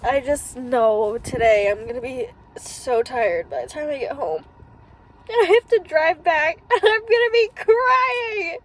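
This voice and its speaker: Tearful young woman with a very high voice. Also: darkish tone, slight background noise, low-quality recording. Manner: talks through tears with shaky laughs. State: tearful, crying. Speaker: vlogger. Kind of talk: emotional personal vlog.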